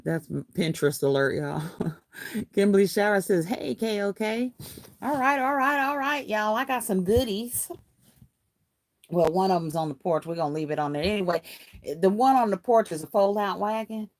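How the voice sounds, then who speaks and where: A woman's voice: medium pitch, animated, normal speed, no echo. A woman hosting a casual crafting livestream. She reads viewer comments aloud and greets viewers by name in a chatty, folksy way, laughing often.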